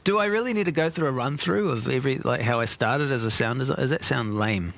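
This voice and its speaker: A man's voice: medium pitch, fast talker, gravelly, a crowd in the background. A man answering interview questions, self-conscious and hesitant. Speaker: audio team lead.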